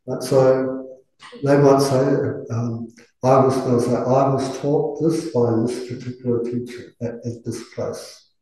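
A man's voice: mid-range voice, dark tone. A man giving a chatty, informal talk to a class, rambling with fillers and tag questions. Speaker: dharma teacher. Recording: roomy, distant room mic.

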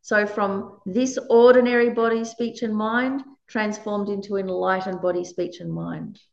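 A woman's voice: mid-range voice, steady tone, a little slow, creaky, roomy sound, muffled recording. A woman giving a conversational dharma talk as a meditation teacher. She laughs often while she teaches.

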